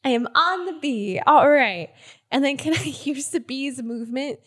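A woman's voice: high voice, animated, normal speed. A woman playing a tabletop game, giggling and playful. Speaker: player. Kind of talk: tabletop role-play.

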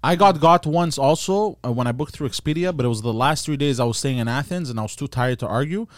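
A man's voice: medium pitch, quick pace, no echo, studio quality. A man co-hosting a podcast, chatting casually and telling an easygoing travel story. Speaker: podcast co-host. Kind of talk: casual chat.

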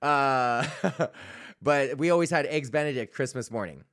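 Young male comic podcast host from Canada, casual, rambling, swears freely, average pitch. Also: unhurried, a bit bright. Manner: rambling, profane, laughs at own stories. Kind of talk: casual comedic monologue.

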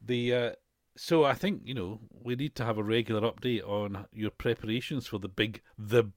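Male podcast co-host, low and dry, chatty and rambling. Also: normal speed, dry recording. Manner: chatty, laughs often, rambling. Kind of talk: casual chat. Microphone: headphones and desk mic.

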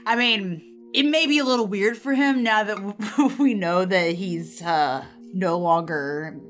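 A woman's voice: medium pitch, unhurried, soft background music. A woman playing a tabletop game, chatting casually in a giggly, playful way.

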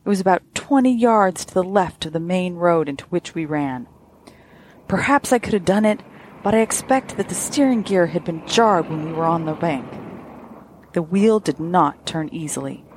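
A woman hosting a podcast, reading a ghost story aloud in a measured, softly breathy way. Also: on the low side, expressive, a little hiss or hum.

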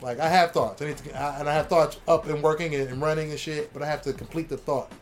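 Fast-talking, profane middle-aged man. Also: on the high side. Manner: rambling, profane, animated, quick. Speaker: comic artist. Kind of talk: casual chat.

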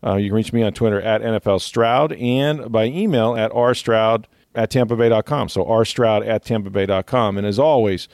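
A man's voice: on the low side, moderate pace, hardly any pauses, a little mellow, no echo, studio quality. Chatty male sports podcast host. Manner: chatty, rambling, many fillers and laughs. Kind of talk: casual chat.

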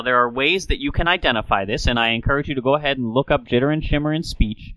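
Pushed and bright at medium pitch, a man hosts a laid-back talk-show podcast, playfully lecturing and dropping into an old-time announcer voice. There's no echo, but the audio quality is poor.

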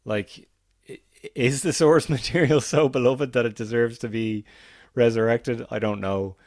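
A man's voice: mid-range voice, dry recording. Irish guy hosting a film podcast, fired up and opinionated, dry close mic. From Ireland. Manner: animated and opinionated, quick restarts. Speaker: podcast host. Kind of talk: casual film podcast chat.

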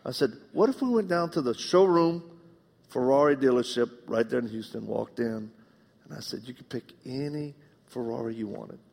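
A middle-aged man gives a live sermon in a church auditorium, his voice gravelly at medium pitch. He tells stories in an animated, joking way and acts out the people he quotes. The sound has the long reverb of a large hall. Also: moderate pace. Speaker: preacher.

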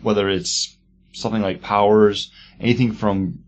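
A man's voice: fairly low pitch, flat delivery, moderate pace. A man co-hosting a casual podcast chat, rambling with many fillers. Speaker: podcast co-host. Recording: dull lo-fi sound.

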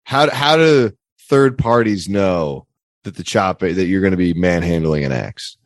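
A man's voice: low-pitched, expressive, a little slow, no echo, studio quality. A man in casual podcast chat, rambling and joking with lots of restarts. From Pennsylvania area. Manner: rambling, jokey, restarts and stumbles. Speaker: podcast co-host.

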